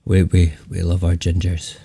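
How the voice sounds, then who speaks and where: Mellow low-voiced Scottish man hosting. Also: monotone, normal speed, vocal fry, a little hiss or hum. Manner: rambling, jokey, trails off and restarts. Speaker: host of a live chat stream. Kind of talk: late-night casual chat.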